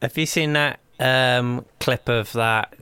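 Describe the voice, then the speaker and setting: A man co-hosting a gaming podcast, telling stories in an animated, chatty way. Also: medium pitch, clear, resonant tone. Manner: animated storyteller, quick asides. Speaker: podcast co-host. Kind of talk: casual chat.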